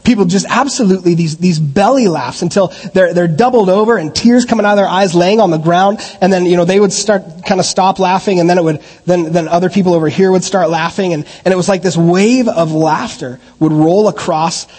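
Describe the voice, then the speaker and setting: In a church, a middle-aged pastor delivers a sermon in a husky, fairly high voice, moving fairly quickly with few pauses. He alternates between loud, animated preaching and relaxed storytelling full of restarts, while long reverb trails each phrase through the hall.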